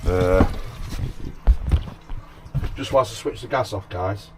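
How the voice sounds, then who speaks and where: A man's voice: sits low, takes it slowly, heavy background noise. A man talking casually to his viewers while he cooks in a camper van, filming on a handheld camera and often calling them guys. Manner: chatty, keeps addressing viewers as guys. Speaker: van life vlogger. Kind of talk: casual vlog narration while cooking. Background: food frying in a pan.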